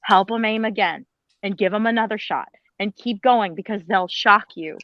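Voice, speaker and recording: A woman's voice: medium pitch, normal speed, no echo, dull audio. A woman, a former teacher, speaking on a panel in an emphatic, pleading, blunt way with some mild swearing. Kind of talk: impassioned panel talk.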